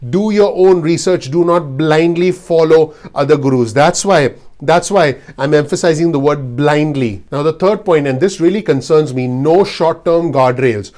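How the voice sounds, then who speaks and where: A man's voice: fairly high pitch, normal speed, hardly any pauses, a little mellow. A man giving blunt, earnest investing advice straight to his video audience. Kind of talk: direct-to-camera advice talk.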